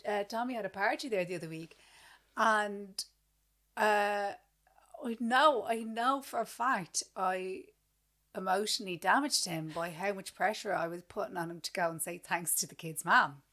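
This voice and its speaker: A woman in her thirties with an Irish accent, co-hosting a podcast and chatting casually, blunt and animated as she acts out what people said. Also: mid-range voice, normal speed. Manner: blunt, animated storytelling with acted-out quotes. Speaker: podcast co-host. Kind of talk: casual chat.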